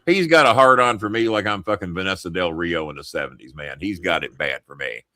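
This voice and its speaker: A man's voice: deep voice, brisk, sharp tone. An older male host telling rambling, profane stories, laughing as he goes. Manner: rambling, swears freely, laughs mid-sentence. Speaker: show host. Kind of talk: profane comic storytelling.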